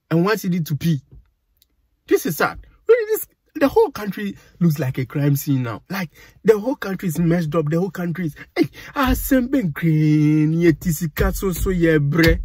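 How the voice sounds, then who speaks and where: Husky-voiced Ghanaian man ranting. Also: a little high, a little mellow, no room sound. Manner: exasperated, indignant, mixes Pidgin and Twi. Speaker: vlogger. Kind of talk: ranting commentary.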